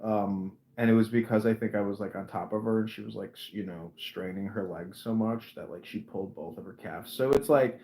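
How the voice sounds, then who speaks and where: A man's voice: fairly low pitch, a little fast, hardly any pauses, dark tone, poor audio. A young adult man hosting a podcast, chatting casually in a rambling, self-dramatizing and crude way. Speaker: podcast host. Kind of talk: casual chat.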